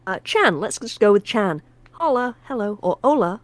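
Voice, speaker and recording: Female co-host, mid pitch, playful and giggly, reads the chat aloud. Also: lively intonation, normal speed, no echo. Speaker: stream co-host reading the chat. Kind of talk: casual game-stream chat.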